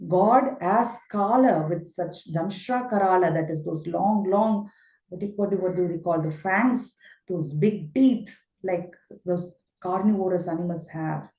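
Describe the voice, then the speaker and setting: A woman's voice: on the low side, a little slow, darkish tone. A woman spiritual teacher giving a scripture lesson as vivid storytelling with rhetorical questions. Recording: roomy, dull recording.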